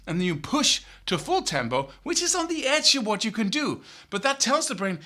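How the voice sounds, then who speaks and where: A middle-aged man teaching guitar, talking in an animated way and scatting riffs with syllables. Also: high-pitched, normal speed. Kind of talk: spoken guitar lesson.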